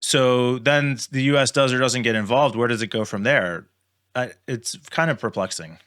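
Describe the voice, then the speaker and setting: A man's voice: mid-range voice, normal speed, fairly bright tone. A man co-hosting a casual podcast, thinking aloud with hesitations. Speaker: podcast co-host. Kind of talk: casual chat.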